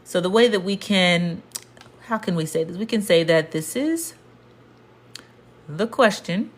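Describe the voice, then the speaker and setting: A woman teaching a casual livestream lesson, explaining patiently and repeating words slowly. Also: lowish voice, lively intonation. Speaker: Spanish teacher.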